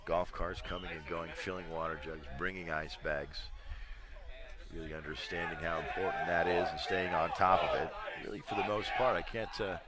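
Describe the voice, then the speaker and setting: A man giving relaxed, chatty live commentary on a lacrosse game at an outdoor stadium, with dry humor and frequent fillers. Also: sits low, moderate pace. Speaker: play-by-play commentator.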